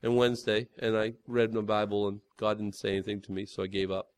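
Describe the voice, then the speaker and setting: A man voicing an impatient, self-pitying churchgoer who gives up quickly. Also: fairly low pitch, steady tone, smooth, pitched below the performer's own voice, lightly acted. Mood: sulky.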